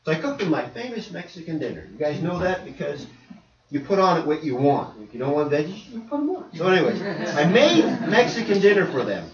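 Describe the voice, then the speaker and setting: Animated high-voiced male preacher. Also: brisk, a crowd in the background. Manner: animated, acts out voices and dialogue. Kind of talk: sermon. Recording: echoey hall, distant dull mic.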